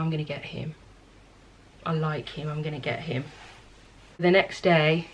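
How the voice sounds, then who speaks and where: A woman's voice: fairly low pitch, a little hiss or hum. A young woman with a Birmingham accent chatting candidly to camera about herself in a casual vlog recorded at home. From England. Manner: chatty, candid, self-deprecating. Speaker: vlogger. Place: indoors at home. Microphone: camera mic.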